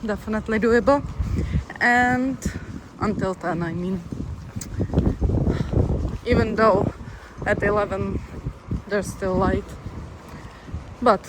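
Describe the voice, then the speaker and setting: An easygoing young hiker talks to a handheld camera in an unhurried, drawn-out way, tossing off dry, amused asides. Wind and passing traffic are clearly heard behind the voice. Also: mid-range voice. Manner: chatty, easygoing, wry. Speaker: long-distance hiker, vlogger. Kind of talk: casual vlog talk while walking. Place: outdoors by a road in a town, windy. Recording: wind and traffic noise outdoors. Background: wind and passing vehicles.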